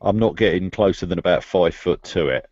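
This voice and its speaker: Deep-voiced player, halting and dry. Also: male voice, darkish tone, husky, no room sound, muffled recording. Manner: halting, repeats words as he plans. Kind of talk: describing his character's actions in a tabletop game.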